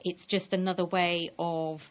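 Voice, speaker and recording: A woman guest on a radio interview, answering in a hesitant, halting way with many fillers. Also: lowish voice, level tone. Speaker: guest blogger. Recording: dull lo-fi radio recording.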